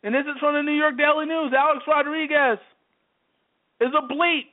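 A man's voice: very high-pitched, steady tone, moderate pace. A man hosting a sports talk show, delivering an emphatic, repetitive monologue that keeps hammering the same phrases. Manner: repetitive, emphatic, worked-up commentary. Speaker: sports radio host. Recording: tinny phone-line audio.

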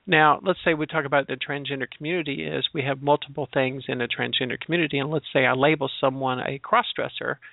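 A man's voice: medium pitch, fairly even intonation, fast, gravelly, hardly any pauses, no room sound. Phone-quality voice, dry, man explaining things carefully with his own stories, transgender educator vibe. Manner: searching, explanatory, leans on personal examples. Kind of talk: spoken reflection on labels. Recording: tinny, dry phone-line sound.

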